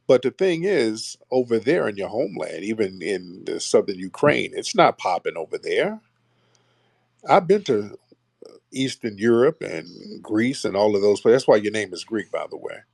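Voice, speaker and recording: A man's voice: lowish voice, big pitch swings, normal speed, vocal fry, a little mellow, no room sound. A man hosting a call-in show, blunt and mocking toward callers, often repeating himself. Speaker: host taking callers. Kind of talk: combative call-in talk.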